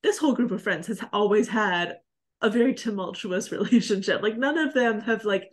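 A woman's voice: mid-range voice, moderate pace. Chatty woman podcast co-host. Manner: chatty, heavy on "like", mocking impressions. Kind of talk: casual chat.

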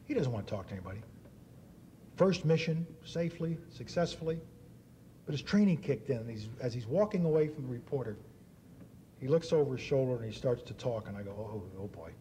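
A man's voice: medium pitch, animated, fairly quick, dark tone, slight background noise. A man in his fifties giving an after-dinner speech, telling anecdotes with acted-out quotes. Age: 50s. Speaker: dinner speaker. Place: banquet hall.

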